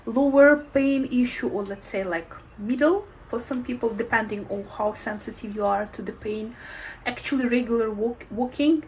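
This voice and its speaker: A woman in a casual health vlog, sharing her own experience in thoughtful, non-native English phrasing with frequent pauses and fillers. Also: a little high, slight background noise, poor audio. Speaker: health vlogger. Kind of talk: casual talking-head vlog.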